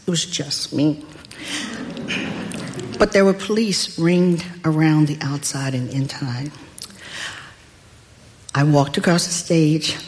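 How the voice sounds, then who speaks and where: Older woman, low voice, slow wry storytelling, big reverby hall. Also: a little mellow. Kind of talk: personal storytelling.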